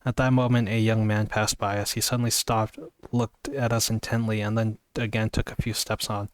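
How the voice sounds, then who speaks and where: A man's voice: fairly low pitch, level tone, moderate pace, no echo, clean studio sound. A man casually reading a novel aloud, sleepy and yawning, stumbling over words and apologizing. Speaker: amateur reader.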